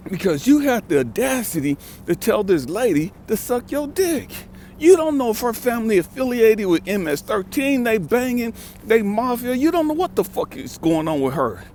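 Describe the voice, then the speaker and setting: A Californian man in his fifties, a vlogger and life coach, tells a blunt, profane story in an emphatic, street-talking manner, repeating things for stress. His voice is high with a darkish tone, and there's slight background noise.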